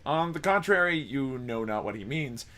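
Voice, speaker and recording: A man voicing a solemn male minstrel, speaking slowly and formally with small stumbles. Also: medium pitch, expressive, sharp tone, voice pushed up. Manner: slow, formal, hesitant. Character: solemn, soft-spoken male wandering minstrel.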